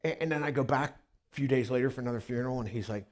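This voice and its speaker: A man's voice: mid-range voice, racing. A middle-aged man preaching as a pastor, with a conversational storytelling manner that often repeats words at the start of sentences. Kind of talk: storytelling sermon. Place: church sanctuary.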